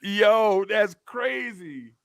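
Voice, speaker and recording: A man hosting a casual live stream, reading viewer comments and telling stories in a slangy, laughing, animated way. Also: high-pitched, extremely slow, vocal fry, dry recording.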